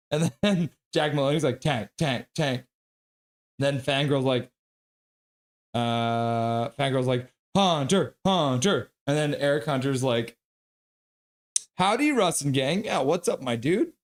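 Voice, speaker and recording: A man hosting a live hockey stream, calling play-by-play and reading chat aloud, excitable and prone to chanting and yelling. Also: a little high, a little slow.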